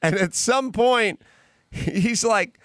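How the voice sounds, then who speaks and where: Male podcast host, animated storyteller, voice a touch high and resonant, dry sound. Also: extremely slow, smooth, dry recording. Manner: animated, acts out characters in anecdotes. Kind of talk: casual comedic storytelling.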